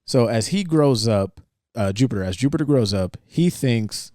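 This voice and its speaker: This is a clean, room-free studio recording of a man with a mid-range voice talking at normal speed. He's a young podcast co-host casually rambling through a movie scene, quoting and performing the characters' lines with animation.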